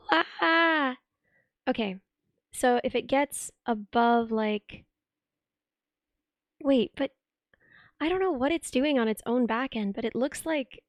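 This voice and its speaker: A young woman with a sick voice, chatting on a live stream, thinking aloud as she tinkers and thanking viewers with excitement. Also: on the high side, vocal fry, no room sound. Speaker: livestreamer. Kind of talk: casual live stream chat. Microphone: desk streaming microphone.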